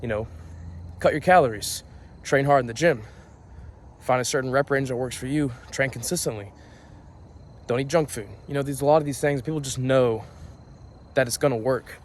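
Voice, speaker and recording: A man's voice: mid-range voice, moderate pace, a little hiss or hum. A man in his twenties giving an earnest, casual motivational talk outdoors, often repeating and rephrasing his points. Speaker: vlogger. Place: outdoors on a property on a rainy day.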